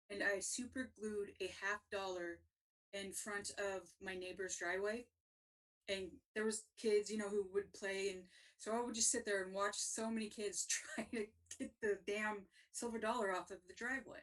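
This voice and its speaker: Female co-host, animated storyteller, mid pitch, slightly distant pickup. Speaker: podcast co-host. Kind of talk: casual storytelling.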